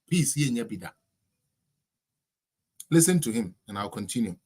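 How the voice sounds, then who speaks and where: A man's voice: fairly low pitch, very animated, normal speed, dark tone, husky. A man with a Ghanaian accent delivering a heated, mocking political commentary rant.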